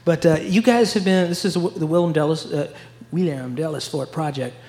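A man with a slightly high voice hosts a relaxed interview with a band. He is from Iowa and talks in a chatty, offhand way, stumbling over names and tossing in asides. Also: brisk. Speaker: radio host. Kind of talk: casual interview chat.

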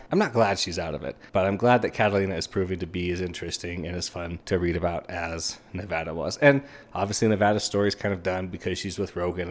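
A man hosting a casual solo book review podcast, rambling and animated, and he acts out characters' lines. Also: low voice.

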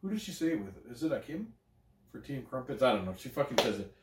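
A man's voice: medium pitch, very animated, quick pace, recorded from a distance. A man co-hosting a podcast in casual chat, rambling, swearing and laughing often. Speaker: podcast co-host. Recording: roomy, from off-mic.

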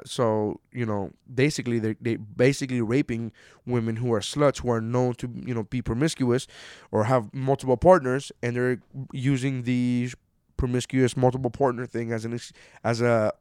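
A man in his thirties ranting casually, cursing often and swinging from low mutters to loud outbursts. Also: steady tone, normal speed, smooth, dry recording, studio quality. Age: 30s. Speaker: commentator reading an article. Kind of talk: casual rant.

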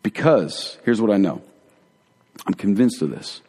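A man's voice: lowish voice, expressive, a little slow, slightly rough. Earnest man preaching in a reverberant hall. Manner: conversational, earnest, drops to hushed tones for emphasis. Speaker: pastor. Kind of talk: sermon.

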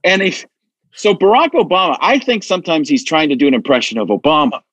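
A man talking casually as an interview guest, animated and full of restarts. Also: fairly high pitch, fast talker, no echo. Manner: animated, stammering restarts, acts out voices. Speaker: impressionist guest.

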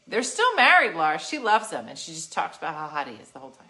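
A middle-aged woman telling a story to her livestream viewers in an animated, sassy way, laughing often. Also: deep voice, fast talker. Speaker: livestream host.

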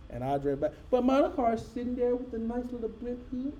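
A middle-aged man, a pastor telling a folksy story to his congregation with lively asides. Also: very high voice, quick pace, hardly any pauses, slight background noise. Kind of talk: storytelling sermon.

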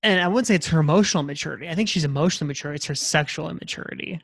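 A man with a slightly high voice, talking as a podcast co-host in a dry, close recording. He rambles earnestly and casually, circling back on his points with restarts. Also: racing, creaky, fairly bright tone, no room sound. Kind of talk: casual chat recapping a reality show.

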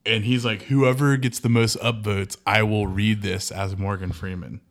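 A man's voice: fairly low pitch, steady tone, normal speed. A man co-hosting a podcast, chatting in offhand, joking banter. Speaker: podcast co-host. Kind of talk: casual chat.

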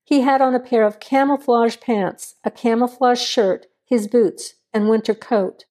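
Woman voicing a defensive young woman under questioning, sharp replies, dark mellow tone. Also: fairly high pitch, steady tone, unhurried, voice pushed up. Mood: reluctant.

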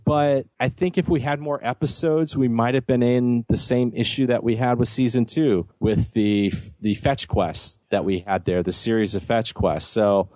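A man's voice: mid-range voice, fairly even intonation, normal speed, few pauses, darkish tone, no echo. A man co-hosting a podcast, reviewing a cartoon series in a rambling casual chat full of fillers and restarts. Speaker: podcast co-host.

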